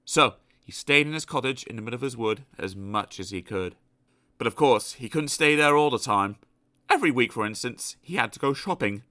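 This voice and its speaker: A man narrating a children's storybook aloud in an expressive, animated storytelling manner. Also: mid-range voice, a little fast, dry recording, studio quality. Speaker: audiobook narrator.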